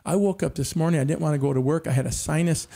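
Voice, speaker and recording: A man's voice: fairly high pitch, fast talker, gravelly, mellow. A middle-aged man telling faith stories in a casual church panel discussion, often saying amen. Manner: storytelling, frequent amens.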